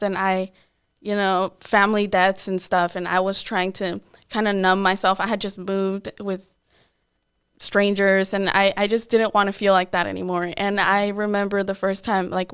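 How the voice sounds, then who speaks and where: A young woman chats candidly on a podcast and tells a personal story, acting out what people said along the way. Her voice is smooth and clear, and it sits at a middle pitch. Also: flat delivery, normal speed. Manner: candid, lots of "like" and quoted asides. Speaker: podcast co-host. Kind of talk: casual storytelling chat.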